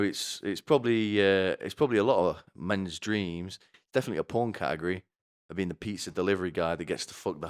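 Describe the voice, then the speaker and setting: Deep-voiced deadpan man. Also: smooth. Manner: deadpan, crude, rambling. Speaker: comedy vlogger. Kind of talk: rambling comic storytelling.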